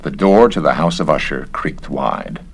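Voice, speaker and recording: A man narrating a story aloud in a measured, dramatic way. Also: rumbling low, animated, vocal fry, breathy edge. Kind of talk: story reading.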